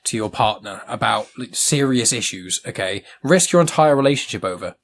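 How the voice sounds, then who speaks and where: A man co-hosting a casual podcast chat, jokey and quick to laugh. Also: medium pitch, lively intonation, gravelly. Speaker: podcast co-host.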